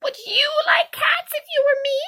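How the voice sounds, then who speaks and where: A woman voicing a small, touchy male mouse in a storybook reading, with a shrill, passionate voice. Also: fairly even intonation, moderate pace, bright, forceful tone. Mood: indignant. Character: shrill, easily offended little male mouse.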